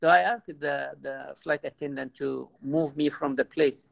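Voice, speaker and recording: Gravelly-voiced priest, halting delivery. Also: male voice, on the high side, fairly even intonation, dry recording, poor audio. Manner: halting, repeats words, tells anecdotes. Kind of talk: informal talk to a youth audience.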